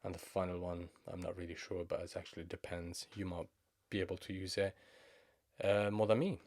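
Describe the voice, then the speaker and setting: A man with a Levantine Arabic accent and a fairly low, darkish voice gives a language lesson. His tone is level and his pace fairly quick, yet he teaches patiently, switching between English explanations and Arabic example phrases.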